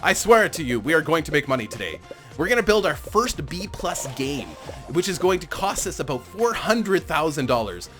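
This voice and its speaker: A man talks through his game in a loose, rambling way, often amused at his own remarks. His voice sits a little high and swings widely in pitch. Faint music plays under his commentary. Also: big pitch swings, normal speed. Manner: chatty, rambling, self-amused, laughs often. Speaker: gaming channel host. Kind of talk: casual gameplay commentary.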